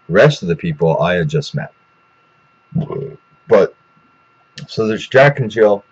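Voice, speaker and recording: A man's voice: low voice, expressive, a little slow, slightly rough, highs cut off. A man telling a rambling, profane story in a casual way, with lots of restarts.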